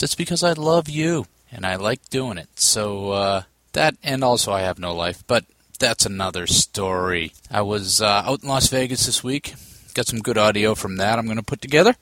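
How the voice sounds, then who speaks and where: A man's voice: lowish voice, a bit bright, dry recording. A man hosting his own podcast, talking casually in a chatty, self-mocking way with rambling asides. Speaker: podcast host. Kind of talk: casual solo podcast talk.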